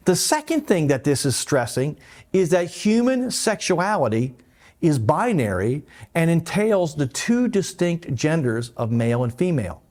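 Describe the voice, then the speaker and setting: A man teaching a Bible lesson as pastor, explaining and animated, with light asides. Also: on the high side, measured pace. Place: church.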